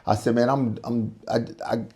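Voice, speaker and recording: A man telling his life story in a casual interview, loud and animated, acting out the voices of the people in it. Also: medium pitch, moderate pace. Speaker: guest business owner.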